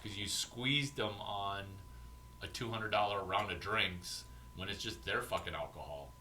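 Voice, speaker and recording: A man giving an informal, profane coaching talk as an entrepreneurship mentor, animated and acting out bits of banter. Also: fairly low pitch, a little slow, background noise.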